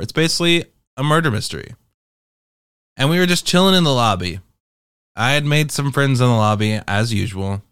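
A young man tells a rambling, profane story straight to his viewers, his pitch leaping up and down as he acts it out. His voice is smooth and resonant. The recording is dry and close-miked. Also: no room sound. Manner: animated, profane, expressive storyteller. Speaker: vlogger. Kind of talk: casual storytime monologue.

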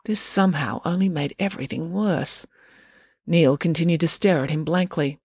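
A woman with a fairly low voice reads a children's chapter book aloud. She reads steadily and clearly. The recording is dry and close to the mic. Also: normal speed, a little mellow, no echo. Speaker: storyteller reading a children's book. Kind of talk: storybook read-aloud narration.

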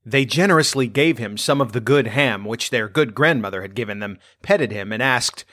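A man reading a fairy tale aloud in a gentle, measured storytelling manner. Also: medium pitch, dry recording, clean studio sound.

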